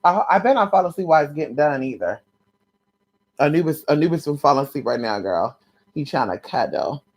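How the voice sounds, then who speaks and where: A woman's voice: low-pitched, animated, fairly quick, darkish tone, husky. A woman vlogging from home late at night, talking to her viewers in a sassy, blunt and playful way and calling them honey and sis. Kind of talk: casual talk to viewers.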